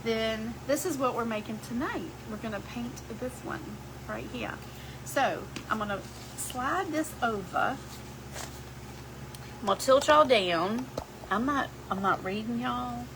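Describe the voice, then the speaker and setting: A woman's voice: fairly high pitch, a little slow. A middle-aged woman, chatting casually with her live-stream viewers as she shows her crafts. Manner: chatty, talks to viewers as y'all. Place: home craft workshop. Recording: clear background hum.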